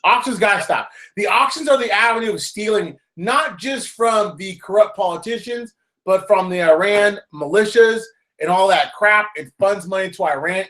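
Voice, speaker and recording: A man hosting a casual political chat, emphatic and quick to agree. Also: sits high, a bit bright. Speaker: host.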